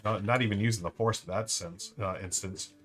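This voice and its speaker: A man's voice: fairly low pitch, steady tone, a little fast, fairly bright tone, faint music behind. A man hosting a live-stream trivia board game, chatting upbeat and thinking aloud to his viewers.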